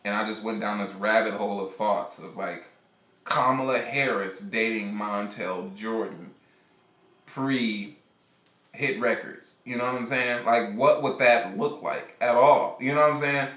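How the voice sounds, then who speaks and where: A man streaming live, telling a rambling, animated story in casual, profane chat. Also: on the low side, a little slow, roomy sound. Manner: rambling, animated, laughs often.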